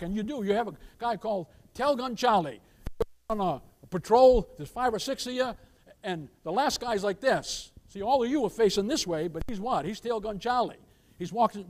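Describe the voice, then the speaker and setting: A man's voice: high-pitched, a little hiss or hum. A man pastor preaching an emphatic sermon, quoting scripture, calling the congregation "beloved" and asking for amens. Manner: addresses listeners as "beloved", keeps asking for amens.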